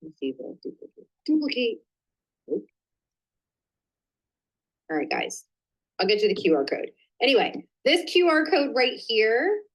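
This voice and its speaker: A chatty, excitable woman hosts a live online coaching stream, her pitch swinging up and down as she talks. She talks straight to her viewers and drops into quiet asides to herself while she sorts out her slides, all heard through a computer mic. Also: lo-fi sound. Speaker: host of a live business training.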